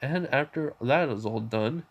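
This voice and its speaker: A man's voice: medium pitch, measured pace, muffled recording. A man casually making up and retelling a fan story, rambling with lots of fillers and restarts.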